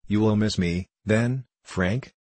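A man voicing a frail, dying mother who speaks low and weakly, in a storybook reading. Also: slow, a little mellow, dry recording. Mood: weak, anxious. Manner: low, weak voice.

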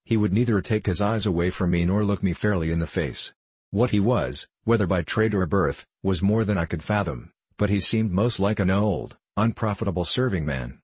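A man reading a novel aloud as a steady, measured narrator. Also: low-pitched, husky, no room sound. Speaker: audiobook narrator. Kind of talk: scripted narration.

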